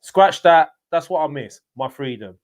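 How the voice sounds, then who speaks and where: A man's voice: fairly high pitch, expressive, moderate pace. Teasing man co-hosting a banter stream. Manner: teasing, fires off questions. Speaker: co-host. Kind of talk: casual live-stream banter.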